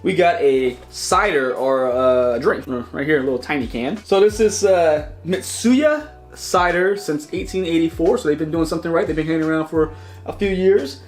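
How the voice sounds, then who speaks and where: Snack-review host, male, slightly high voice, rambling and chatty, faint music underneath. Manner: rambling, chatty, restarts and repeats words; talks while chewing. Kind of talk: casual taste-test vlog.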